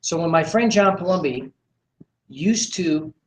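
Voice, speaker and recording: In an echoey room, a confident, assertive man delivers a live sales training talk to a small group, acting out what he says to people. His voice is on the high side with lively intonation and an unhurried pace, and there's a slight hiss or hum.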